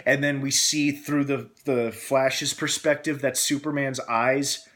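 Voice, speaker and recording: A young man hosting a casual film review, excitable and gushing, acting out scenes as he retells them. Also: medium pitch, unhurried.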